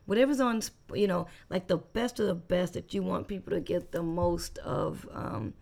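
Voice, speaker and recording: A woman hosting a podcast, chatting casually and with enthusiasm. Her voice is gravelly, with a touch of fry, and she often restarts her sentences as she talks. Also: lowish voice, expressive, normal speed, a little mellow. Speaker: podcast host. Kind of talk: casual chat.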